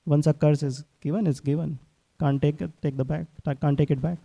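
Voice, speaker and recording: A man's voice: a little high, steady tone, normal speed, gravelly, warm tone. A man giving a devotional sermon, telling scripture stories and acting out the quotes earnestly. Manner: earnest, repeats words, acts out quotes. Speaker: speaker at a temple class.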